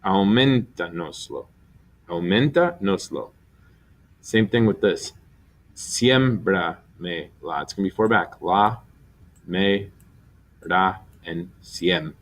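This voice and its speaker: A man teaching a recorded Spanish grammar lesson, explaining step by step and slowly spelling out syllables. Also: low voice.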